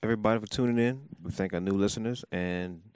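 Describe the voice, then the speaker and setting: A man co-hosting a podcast, speaking slowly and hesitantly with frequent fillers. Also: fairly low pitch, a little mellow, clean tone, dry recording, studio quality. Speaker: podcast co-host. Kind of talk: casual chat. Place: studio in Richmond, Virginia.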